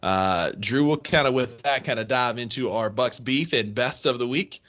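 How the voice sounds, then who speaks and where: Mississippi country guy cohosting a sports pod, bright tone, laughs a lot. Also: mid-range voice, moderate pace. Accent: Northeast Mississippi. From Northeast Mississippi. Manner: laughs often, teasing banter. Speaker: podcast co-host. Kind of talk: casual sports podcast chat.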